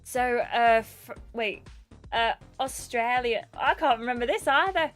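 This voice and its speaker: Woman, gaming livestream, chatty commentary, higher voice, faint music underneath. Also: measured pace, fairly bright tone. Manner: chatty, reacts and asks viewers questions. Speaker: gaming streamer. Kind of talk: chatty live game commentary and reading aloud.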